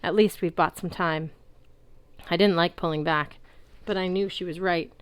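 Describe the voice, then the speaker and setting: Smooth, low-voiced woman reading aloud. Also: no room sound. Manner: lively, shouts the characters' cries. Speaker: audiobook reader.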